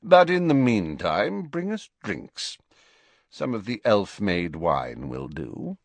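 A man voicing a cold, sneering wizard who speaks slowly, lazily and silkily with a mocking edge, in a storybook reading. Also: lowish voice, sing-song, dry recording, full character voice. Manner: slow, lazy, silky, mocking.

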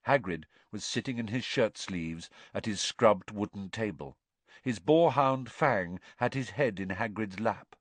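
A man narrating a storybook in a measured, expressive way. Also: lowish voice, dry recording. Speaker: audiobook narrator.

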